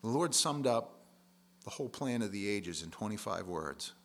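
A man's voice: lowish voice, lively intonation, normal speed, a bit bright. A man preaching a sermon in a conversational, plain-spoken way, leaning hard on key words.

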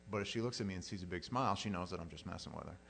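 A man's voice: sits low, rapid-fire, creaky, fairly bright tone, slight background noise. A middle-aged male pastor giving a plain-spoken, conversational sermon and often acting out the voices he quotes.

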